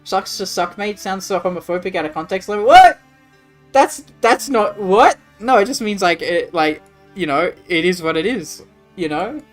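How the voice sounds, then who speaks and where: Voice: medium pitch, lively intonation, moderate pace, soft background music. An Australian streamer chatting casually during a live strategy game, answering chat in a rambling way with plenty of swearing.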